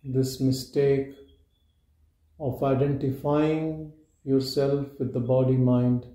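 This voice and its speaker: A man giving a meditative spiritual talk at a live gathering, in slow, measured short statements with long pauses. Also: medium pitch, little pitch movement, dark tone. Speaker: spiritual teacher. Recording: roomy echo.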